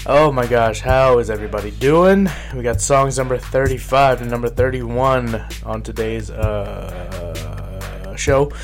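Man, podcast host, slightly hoarse, rambling jokey banter, average pitch. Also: unhurried, faint music behind. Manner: rambling, joking, many fillers. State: slightly hoarse, scratchy throat.

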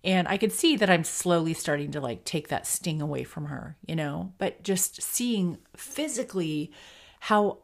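A middle-aged woman speaks in a low, deeply gravelly voice full of vocal fry. She hosts a podcast and tells a personal story in a candid, reflective way. Her talk is loose and full of fillers and restarts. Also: expressive, a little slow. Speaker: podcast host.

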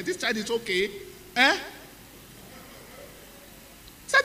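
A middle-aged Nigerian pastor with a fairly high voice preaches a sermon, telling his story with drama and acting out each exchange. His voice rings through a reverberant hall, with faint noise underneath. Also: big pitch swings, a little slow, long pauses, bright, forceful tone. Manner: dramatic storytelling, acts out dialogue.

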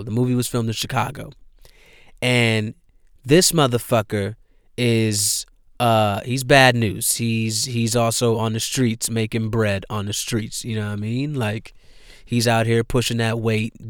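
A man's voice: medium pitch, clean tone, no room sound. Man talking through a movie plot off the cuff, cursing, voicing characters; resonant voice, dead-dry room. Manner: profane, animated storytelling with quoted dialogue. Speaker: movie reviewer. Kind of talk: casual movie recap.

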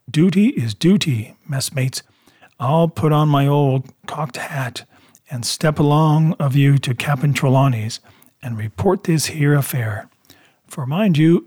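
A man's voice: fairly high pitch, a little mellow, breathy edge, no room sound, studio quality. A man putting on a hearty old sea cook. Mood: jovial. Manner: hearty, salty sailor talk. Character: gruff jovial old male sea cook.

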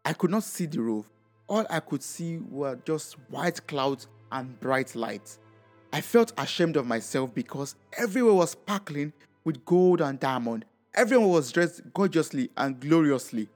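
A man narrating a scripted first-person story, reflective and dramatic, his voice sitting slightly high for a man. Soft music plays faintly underneath.

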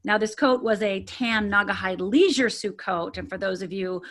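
A middle-aged woman speaks as an interview guest, recounting her own life in an earnest, candid way. Her voice sits at an ordinary middle pitch, and she talks loosely, with fillers and repeated words. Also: normal speed, a bit bright. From Upper Peninsula of Michigan. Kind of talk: personal storytelling.

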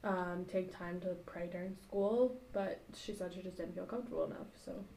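A woman's voice: on the low side, steady tone, moderate pace, mellow, a little hiss or hum. A young woman in a class discussion, talking in an agreeable, plain way. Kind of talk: casual discussion. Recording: roomy echo.

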